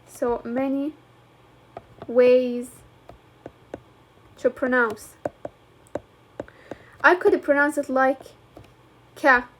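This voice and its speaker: A young woman with a high voice and Levantine Arabic accent teaches an English lesson in a classroom lecture. She talks slowly and deliberately, leaning on frequent fillers as she explains, with a little hiss or hum in the audio.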